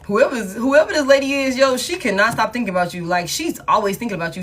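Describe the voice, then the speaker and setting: A woman's voice: on the high side, fast. A woman, chatting casually to her viewers as she reads tarot cards aloud in a live stream. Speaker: tarot reader.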